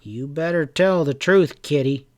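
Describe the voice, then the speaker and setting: A man reading aloud and voicing a suspicious male hotel proprietor, sharp and demanding. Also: fairly high pitch, measured pace, close to an everyday voice. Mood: accusing.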